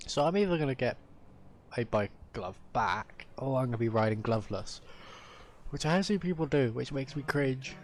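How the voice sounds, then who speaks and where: A man's voice: mid-range voice, expressive, moderate pace, a little hiss or hum. A man streaming an online role-play game, chatting casually in a rambling way and laughing often.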